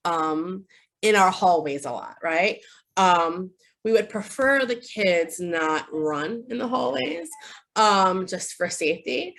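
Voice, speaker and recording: A woman's voice: mid-range voice, a bit bright. A woman in her thirties, a behavior analyst giving a casual parent workshop, chatty with lots of fillers and tag questions, acting out upbeat phrases for kids. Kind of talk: casual online parent training talk.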